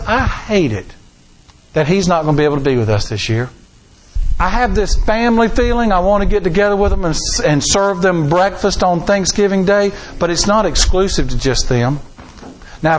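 A middle-aged man, preaching a sermon in a folksy, animated way with rising emphasis. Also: high voice, low-quality recording. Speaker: pastor.

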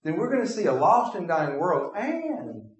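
A man's voice: sits high, sing-song, normal speed, echoey room. A man preaching a sermon as pastor, acting out imagined conversations with his congregation. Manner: acts out imagined dialogues with congregation.

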